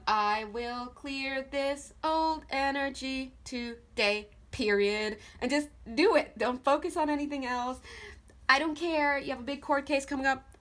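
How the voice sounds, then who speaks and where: Chatty, animated woman reading tarot. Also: high voice. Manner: chatty and animated, addresses viewer directly, laughs often. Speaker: tarot card reader. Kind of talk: casual tarot reading to viewers.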